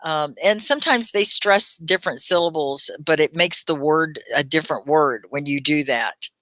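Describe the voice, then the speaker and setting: A woman hosting a live English lesson who encourages and praises her learners by name and models words slowly, syllable by syllable. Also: low voice, a bit bright, dry recording. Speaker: ESL teacher and live-stream host.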